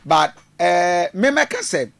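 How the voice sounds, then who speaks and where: This radio host's voice is high-pitched, sing-song and a bit bright, with vocal fry, and he speaks slowly on a dry recording. Going through the news from a radio studio, he flips between English and Twi, full of fillers and restarts.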